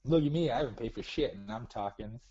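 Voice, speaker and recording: A man's voice: medium pitch, animated, fast talker, warm tone. A man from Minnesota with a Minnesotan accent, calling into a show and chatting casually, laid-back and teasing, laughing often. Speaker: caller. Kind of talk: casual chat. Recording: dull lo-fi call audio.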